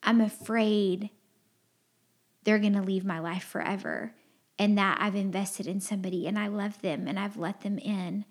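A woman's voice: mid-range voice, steady tone, normal speed. A woman hosting a podcast, sharing personal feelings in an earnest, rambling, heartfelt way with lots of fillers. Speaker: podcast host. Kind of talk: candid confessional podcast chat.

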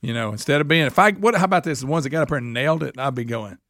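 A man's voice: mid-range voice, expressive, very fast, a bit bright, dry recording, clean studio sound. A man, ranting bluntly and folksily as co-host of a casual talk show. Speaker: radio co-host. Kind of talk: opinionated casual chat.

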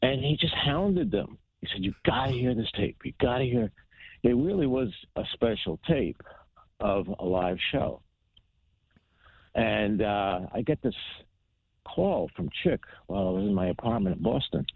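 A man's voice: medium pitch, a little slow, vocal fry, no room sound. A man from New Jersey telling stories in an interview as a guest guitarist, acting out the voices of the people in them. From New Jersey, United States. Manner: animated anecdote teller, acts out voices of others. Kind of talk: storytelling interview. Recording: tinny phone-line sound.

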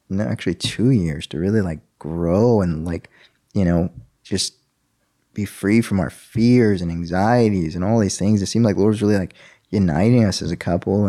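A man's voice: deep voice, warm tone. A young man telling a personal faith story in an interview, earnest and full of fillers and restarts.

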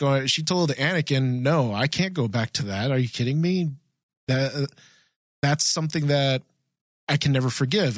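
A man co-hosting a podcast in a casual chat, excited and rambling with frequent restarts. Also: mid-range voice, no echo. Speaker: podcast co-host.

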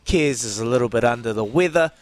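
A man's voice: medium pitch, lively intonation, fast, no echo. A man with a New Zealand accent hosting breakfast radio with an upbeat, chatty welcome. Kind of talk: casual radio banter.

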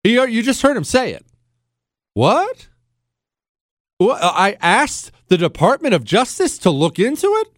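An indignant man rants through political commentary, firing off rhetorical question after rhetorical question. His voice sits high and leaps about with energy. The sound is dry and close, with no room around it. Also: wildly swooping pitch, measured pace, long pauses, a bit bright, no room sound. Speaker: podcast host.

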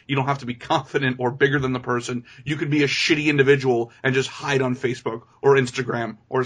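A man with a middle-pitched voice reviews a film in casual chat. He is blunt and profane and rants in long runs. He sounds like he is talking it over with a co-host. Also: a bit bright.

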